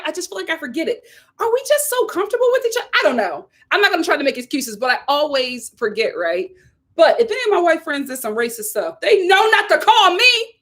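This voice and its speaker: Young woman, high voice, sassy live-stream rant, lively swoops. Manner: animated, sassy ranting with laughs. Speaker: host. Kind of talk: casual live-stream commentary.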